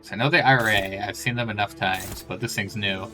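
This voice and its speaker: A man's voice: lowish voice, a little fast, over music. A man giving casual live commentary while playing a video game, thinking aloud as he goes. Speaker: game streamer.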